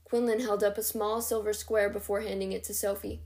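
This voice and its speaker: A woman reading a novel chapter aloud in a steady, even narration. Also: medium pitch, fairly quick. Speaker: reader.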